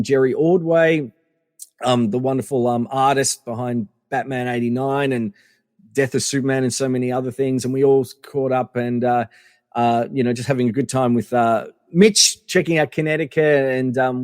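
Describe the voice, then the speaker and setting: A man's voice: mid-range voice, darkish tone, no room sound, studio quality, long reverb tail. A man guest telling casual anecdotes in a rambling way, full of fillers and restarts. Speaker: podcast guest.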